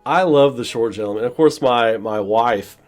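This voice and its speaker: A man's voice: medium pitch, normal speed, faint music behind. A man giving a casual, rambling film review, full of "you know" fillers and acting out scenes in quoted voices. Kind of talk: casual spoken movie review.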